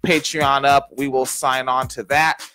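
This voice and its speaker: A man's voice: medium pitch, flat delivery, unhurried, sharp tone, soft background music. A man co-hosting a podcast in casual chat, joking and swearing, with lots of "uh" and "um.". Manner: loose, profane, joking, many fillers. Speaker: podcast co-host.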